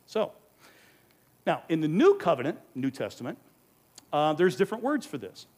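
An earnest man teaching a sermon to his congregation. His voice sits a little high and swings widely in pitch. He pushes his points home and fires off rhetorical questions. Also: very animated, moderate pace, a little mellow. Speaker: pastor teaching a Bible study. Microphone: microphone.

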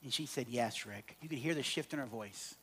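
A middle-aged man speaking to an audience about relationships, telling humorous stories and swinging between loud and quiet. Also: mid-range voice, quick pace, slight background noise. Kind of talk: humorous storytelling talk to an audience.

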